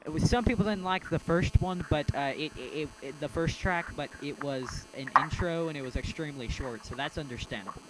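A man hosting a laid-back podcast in a slightly high voice. He rambles and hesitates, filling gaps with ums as he goes. A clear electrical hum runs under the recording. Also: a little fast, hardly any pauses. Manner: rambling, hesitant, many fillers. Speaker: podcast host. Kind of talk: casual podcast chat. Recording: steady mains hum behind the voice.

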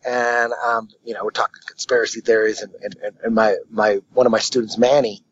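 A man's voice: on the low side, level tone, a little fast, fairly bright tone, no echo, dull audio. A man, a martial arts instructor, telling a long story as a guest on a casual podcast, rambling and profane with lots of restarts.

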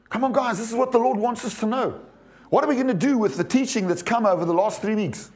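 A man's voice: sits high, fast, darkish tone. A man in his forties preaching a sermon, emphatic, repeating words and putting questions to the congregation.

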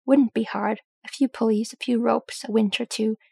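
A woman's voice: on the high side, steady tone, normal speed, creaky, warm tone, slightly rough, dry recording, clean studio sound. A woman voicing a rambling dwarf warrior. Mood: musing. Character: gruff male dwarf warrior, chatty.

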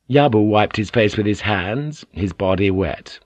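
A man narrating a novel as an audiobook in a steady, even reading. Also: on the low side, a little slow, few pauses, dry recording. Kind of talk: scripted narration.

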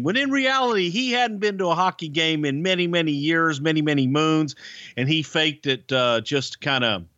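A man's voice: on the high side, pushed and bright, no room sound, lo-fi sound. A man co-hosting a podcast, telling stories in a folksy, chuckling way. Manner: folksy, chuckling, colorful sayings. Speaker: podcast co-host. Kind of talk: casual storytelling chat.

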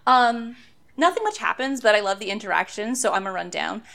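A woman's voice: medium pitch, sing-song, brisk, gravelly, a bit bright. A woman co-hosting a podcast, recapping a book chapter in casual chat, laughing often and enthusiastic. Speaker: podcast co-host.

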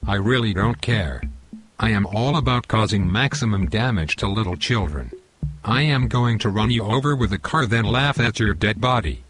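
A male text-to-speech voice playing a boastful, violent football hooligan, in a flat robotic delivery. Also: fairly low pitch, normal speed, faint music behind, close to an everyday voice. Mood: boastful threats.

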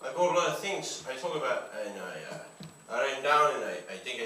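A man's voice: mid-range voice, animated, fast, bright, forceful tone. A man performing a rambling, profane stand-up set on a comedy club stage, full of absurd observations. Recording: echoey live room, mic from a distance, faint hiss.

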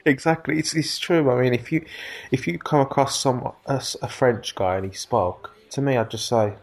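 A man's voice: medium pitch, brisk. A man co-hosting a podcast in casual chat, curious and full of questions. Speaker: podcast co-host.

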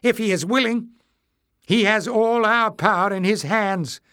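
Figure: a man voicing an anxious earnest villager. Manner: high, pleading. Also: expressive, moderate pace.

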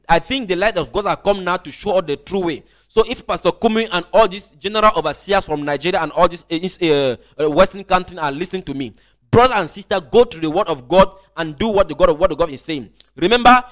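A man's voice: high-pitched, a bit bright. A man preaching an online teaching sermon, emphatic and often repeating or restarting his phrases.

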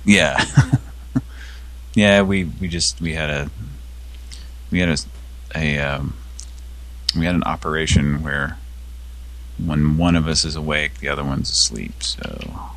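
A man's voice: extremely low pitch, a little slow, long pauses, fairly bright tone. A man co-hosting a casual comedy show, rambling and giggling through his jokes. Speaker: podcast co-host.

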